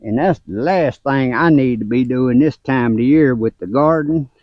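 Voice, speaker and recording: An older man stands outside in his garden for a casual vlog, telling folksy stories about his grandkids at a moderate pace. Laughter comes between the stories, and his voice climbs in pitch while he narrates. There's no echo, and the audio is dull.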